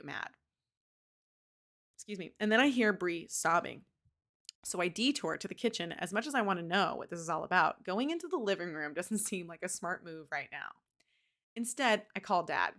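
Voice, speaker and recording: A woman's voice: lowish voice, animated, normal speed, fairly bright tone. Chatty woman reading on stream. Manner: chatty, talks back to the chat. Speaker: book reader on a live stream.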